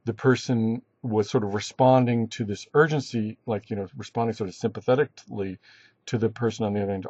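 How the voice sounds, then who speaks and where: A man teaching a recorded lesson, halting and restarting often, in a dry, slightly dull recording. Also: lowish voice, fairly even intonation, a little mellow, dry recording. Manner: halting, many restarts and fillers. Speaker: instructor. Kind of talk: recorded online lecture.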